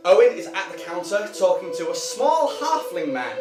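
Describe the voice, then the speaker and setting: Casual game master, halting narration, roomy room, music underneath. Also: male voice, high voice, big pitch swings. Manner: halting, many ums.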